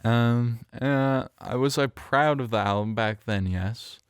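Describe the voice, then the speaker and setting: A man's voice: mid-range voice, takes it slowly, clean tone, dry recording, clean studio sound. A young man hosting a podcast, telling a rambling story in a casual chat, with lots of fillers and restarts. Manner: rambling, self-correcting, with many fillers. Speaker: podcast host. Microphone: studio mic close up.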